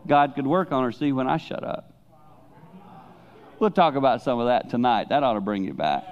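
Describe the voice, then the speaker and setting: A middle-aged man preaching a sermon in a church, speaking candidly and with lively energy. He tells his stories animatedly and jumps into high, excited bursts now and then. The recording sounds dull and lo-fi. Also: moderate pace. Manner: candid, animated storytelling with sudden high-pitched outbursts.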